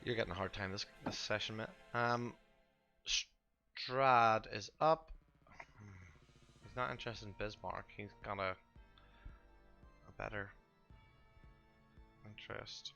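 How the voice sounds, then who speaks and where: A man's voice: fairly low pitch, fairly even intonation, takes it slowly, creaky, pauses often, pushed and bright, soft background music. A man narrating as game master of a tabletop game, often hesitant and muttering to himself.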